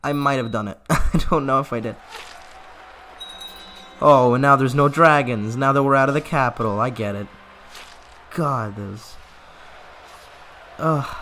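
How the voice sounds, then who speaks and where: A man's voice: mid-range voice, unhurried, long pauses, bright, forceful tone, slight background noise. A man giving casual gameplay commentary, laughing often and reading game text aloud with asides. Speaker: gaming YouTuber.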